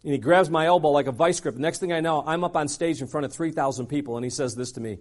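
High-voiced man telling a dramatic story. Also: fast talker, hardly any pauses. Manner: dramatic, acts out scenes, frequent asides. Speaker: speaker telling a personal story. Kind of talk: animated storytelling sermon.

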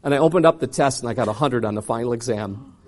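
A man telling a personal story in a sermon, dramatic and animated, acting out scenes with frequent asides. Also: medium pitch, quick pace.

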